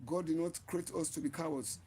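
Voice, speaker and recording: A man's voice: a little high, steady tone, fairly quick, dark tone, a little hiss or hum. A man hosting his own channel, giving an impassioned, preachy live-stream talk and often repeating and restarting his phrases. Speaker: channel host.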